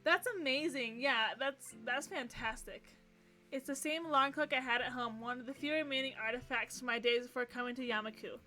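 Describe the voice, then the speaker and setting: A woman streamer with a high, bright voice reads a game's narration aloud. She keeps breaking into excitable, gushing reactions. Quiet game music runs in the background. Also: a little fast. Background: faint game music.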